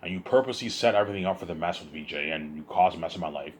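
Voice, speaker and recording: A man's voice: sits low, very fast, a little hiss or hum. A tired man vlogging to his viewers in a rambling monologue, repeating himself, stumbling over restarts and swearing.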